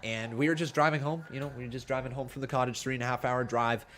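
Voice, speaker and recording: Chatty excitable man hosting a stream. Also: mid-range voice, quick pace, slight background noise. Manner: chatty, excitable, self-mocking, laughs often. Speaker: live stream host. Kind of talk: casual live watch-along commentary.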